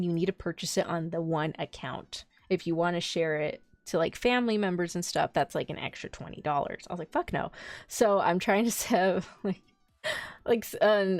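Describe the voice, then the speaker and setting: A woman's voice: on the low side, no room sound. A young woman hosting a casual chat stream, rambling, laughing often and losing her train of thought. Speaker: VTuber streamer.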